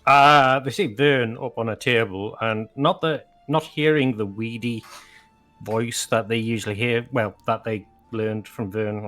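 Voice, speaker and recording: A man's voice: medium pitch, fairly even intonation, unhurried, fairly bright tone, faint music behind. A man playing a tabletop game who describes his character casually, laughing often and swearing freely. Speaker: player.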